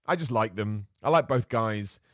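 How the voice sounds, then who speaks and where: A man's voice: on the low side, expressive, normal speed, dry recording. A man hosting a casual wrestling recap show, chatty and opinionated, talking close to the mic. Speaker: wrestling commentator host.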